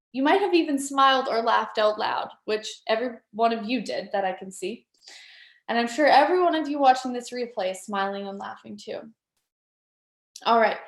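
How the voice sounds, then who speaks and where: A woman with a fairly high voice leads a live online motivational workshop. She is playful and upbeat, coaxing her audience along. The sound is roomy, with clear echo around her. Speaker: workshop facilitator.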